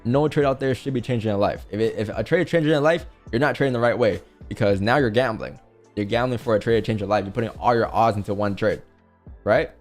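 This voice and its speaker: A man hosting a casual livestream, coaching viewers with rapid rhetorical questions. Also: fairly low pitch, faint music behind. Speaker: livestream trading host.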